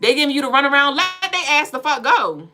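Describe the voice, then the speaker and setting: A woman's voice: high voice, a little fast, over music. A woman, co-hosting a spiritual live stream in casual, profane, joking talk. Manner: profane, joking, animated storytelling. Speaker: podcast co-host.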